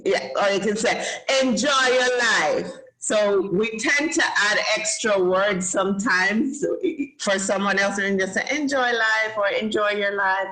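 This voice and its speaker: A woman's voice: medium pitch, steady tone, a little slow, bright, forceful tone, low-quality recording. A Jamaican woman hosting a casual lesson for children, upbeat and encouraging, praising them often. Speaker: host teaching children. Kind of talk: casual teaching chat.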